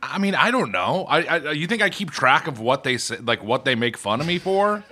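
A man's voice: on the high side, sing-song, moderate pace, bright, forceful tone. A man co-hosting a podcast, trading jokes and mock-offended comebacks in casual banter. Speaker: podcast co-host. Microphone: remote recording setup.

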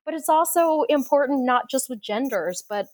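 A woman engineer guest on a podcast interview, talking in a passionate, expressive way and laughing often. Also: sits high, moderate pace, no room sound. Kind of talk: casual interview conversation.

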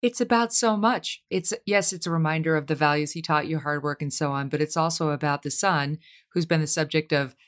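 Low-voiced woman hosting an interview. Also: fairly quick. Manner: reflective, sums up the guest's story at length. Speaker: podcast host. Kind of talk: casual interview conversation.

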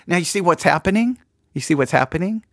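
A man's voice: high voice, expressive, quick pace, a bit bright, no room sound, clean studio sound. A man giving casual commentary on a sermon clip, chatty and wry, often repeating his phrases.

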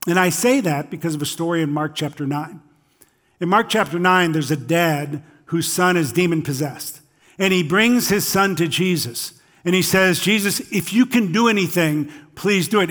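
A man's voice: high-pitched, moderate pace, fairly bright tone. A male pastor giving a conversational sermon, stepping into quoted voices when telling stories.

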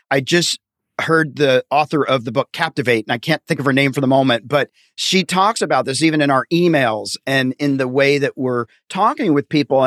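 A man's voice: mid-range voice, a bit bright, dry recording, clean studio sound. A man hosting an interview, chatting casually and acting out quoted voices in a friendly way. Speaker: podcast host and accountant.

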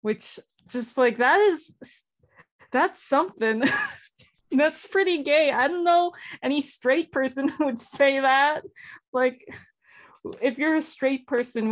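A woman's voice: high-pitched, slow. A woman hosting a casual fan podcast, chatty and giggly as she reads quotes aloud. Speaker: podcast host.

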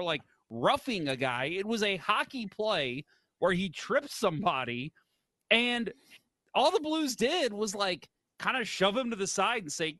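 A man with a high, bright voice, chatting casually as a podcast co-host. His delivery is lively and animated, and he acts out mock quotes and swears freely. The sound is dry and close. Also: measured pace, no room sound. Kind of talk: casual hockey chat.

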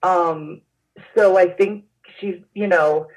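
A woman recalling events in an interview, speaking haltingly with frequent pauses and fillers. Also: on the low side, steady tone. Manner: hesitant, halting with many fillers. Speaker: interview guest. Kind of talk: personal recollection in an interview. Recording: dull lo-fi sound.

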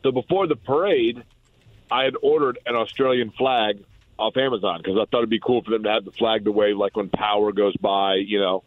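A man's voice: lowish voice, fairly even intonation, a little fast, no echo. A chatty man rambles as a guest on a radio show and keeps restarting his sentences. He comes through a tinny phone line that sounds dry and boxed in. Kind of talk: casual radio chat.

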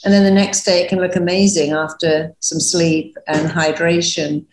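A woman with a lowish voice speaks as a therapist guest on a podcast. She gives reassuring advice and slips into short quoted examples. Her voice carries the echo of a roomy space. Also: little pitch movement, normal speed. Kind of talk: advice-giving podcast chat.

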